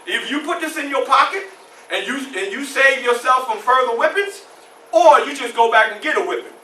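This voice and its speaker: A man's voice: very high-pitched, lively intonation, brisk, pushed and bright, slight background noise, full character voice. A male reenactor voicing a stern, commanding slave master in a one-man stage show. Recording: roomy library room, mic far off.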